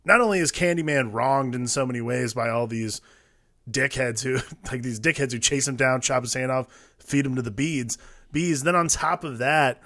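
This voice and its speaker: Bright-toned man musing on a film. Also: medium pitch, normal speed. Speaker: podcast co-host. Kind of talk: casual film discussion.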